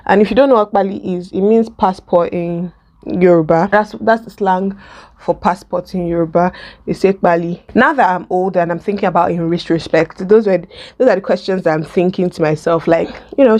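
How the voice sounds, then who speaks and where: A young woman with a Nigerian accent telling a story in a casual vlog while doing her makeup, lively and laughing often. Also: fairly low pitch. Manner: animated, mixes in Pidgin and laughs. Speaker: vlogger.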